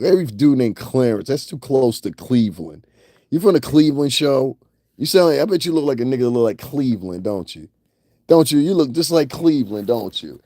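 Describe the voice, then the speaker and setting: A man's voice: medium pitch, expressive, brisk, dark tone, no echo, studio quality. A man hosting a livestream, talking crudely and casually to his chat, roasting viewers and laughing often. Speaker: livestream host. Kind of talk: casual profane commentary to chat.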